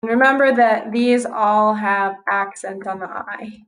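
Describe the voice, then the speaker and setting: A woman's voice: medium pitch, fairly even intonation, unhurried, fairly bright tone, low-quality recording. A young woman teacher talking through a screen-recorded grammar tutorial in a casual way, correcting herself as she types. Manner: casual, self-correcting while typing.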